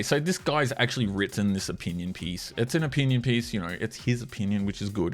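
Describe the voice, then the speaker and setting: A man rants through his commentary in a sarcastic, swearing, mocking way, his pitch swinging up and down as he goes. He laughs between jabs. Faint music sits under his voice. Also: vocal fry, a bit bright. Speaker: commentator reacting to social media posts. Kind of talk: casual ranting commentary.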